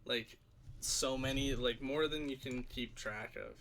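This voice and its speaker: A man's voice: medium pitch, measured pace, fairly bright tone, slight background noise. A man co-hosting a stream, chatting in a laid-back, slangy way. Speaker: co-host on stream. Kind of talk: casual chat.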